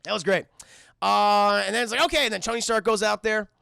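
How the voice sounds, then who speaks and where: High, gravelly man streaming a film recap. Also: dry recording, clean studio sound. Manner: animated, swears often, acts out lines in quick bursts; many fillers and restarts. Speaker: film reviewer streaming live. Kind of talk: casual scene-by-scene film recap to live chat. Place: home streaming setup.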